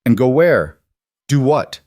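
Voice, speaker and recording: A man's voice: medium pitch, animated, fairly quick, warm tone, no room sound, clean studio sound, lightly acted. A man voicing a cornered young bride who pleads and argues with rising desperation. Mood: distraught.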